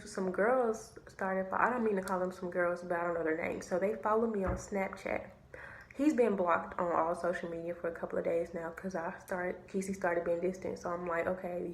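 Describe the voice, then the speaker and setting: Young woman vlogger, casual storytime, animated and slangy, mid-range voice, roomy echo. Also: medium pitch, a little hiss or hum. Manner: animated, slangy, swears freely. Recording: echoey room.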